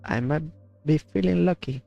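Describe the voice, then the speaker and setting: A man's voice: on the high side, moderate pace, creaky, mellow, highs cut off, faint music behind. A man streaming a horror game, musing aloud and fumbling over how to pronounce names. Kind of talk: let's play commentary and dialogue reading.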